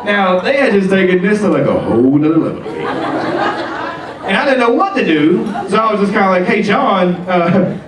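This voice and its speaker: A man's voice: high voice, very animated, fairly quick, a crowd in the background. A man doing a stand-up comedy set, telling stories loosely with lots of filler words and putting on voices for the people in them. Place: comedy club stage. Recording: roomy, distant club recording with faint noise.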